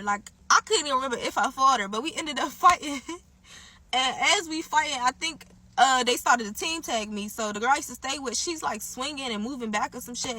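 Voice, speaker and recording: A young woman telling a story in a casual, animated way, profane and swinging from loud bursts to low asides. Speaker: storyteller in a clip.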